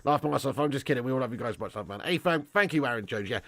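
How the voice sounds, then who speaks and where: A man hosts a live football watch-along stream, reading viewers' super chats and bantering with cheeky, joking boasts while laughing often. His medium-pitched voice is animated, racing, gravelly and a bit bright, with no room sound.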